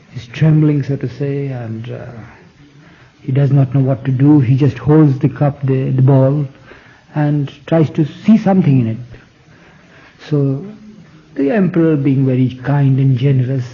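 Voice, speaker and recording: A man from India, telling a story in an informal talk with frequent conversational asides. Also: medium pitch. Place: hall. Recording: dull 1970s tape recording.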